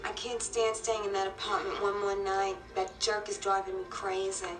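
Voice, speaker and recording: A woman's voice: mid-range voice, level tone, moderate pace, echoey room, recorded from a distance, music in the background, close to an everyday voice. An actress playing a brash, rude woman in a film clip, crude in manner. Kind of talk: film dialogue.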